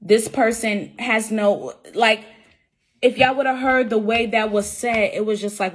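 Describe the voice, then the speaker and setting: A woman's voice: on the high side, fairly even intonation, moderate pace. A young woman speaking straight to her viewers about being suspended at work, earnest and repeating herself as she goes over each point. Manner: repetitive, earnest, often restates her point. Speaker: employee telling her story. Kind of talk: emotional personal account to camera.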